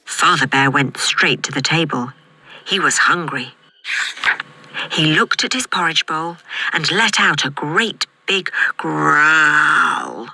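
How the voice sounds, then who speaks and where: Slow, expressive reader of a children's story. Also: medium pitch. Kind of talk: reading a children's story aloud.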